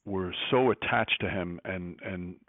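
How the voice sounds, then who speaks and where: A man's voice: sits low, unhurried, no room sound. A man who works as a sports broadcaster telling stories in a reflective way as an interview guest. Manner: reflective, storytelling. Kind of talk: casual interview. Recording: tinny phone-like line.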